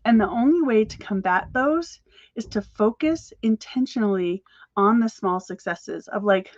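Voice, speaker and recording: Upbeat woman coaching small-business owners straight to camera, rapid and encouraging, dry slightly muffled sound. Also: mid-range voice, dry recording. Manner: energetic, encouraging, talks fast. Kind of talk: motivational talk to camera.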